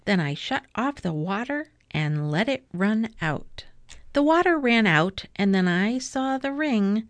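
A woman reading a rhyming children's book aloud in an expressive, rhythmic way. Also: medium pitch, measured pace, no room sound. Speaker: storyteller.

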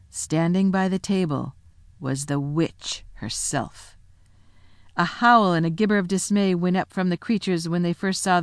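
Brief: female audiobook narrator, slightly low, dramatic storytelling, dry sound. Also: dry recording. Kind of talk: storybook reading aloud.

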